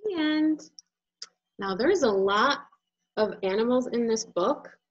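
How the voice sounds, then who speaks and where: A woman illustrator reading a children's picture book aloud, as a gentle and expressive storyteller. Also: on the high side, unhurried, muffled recording.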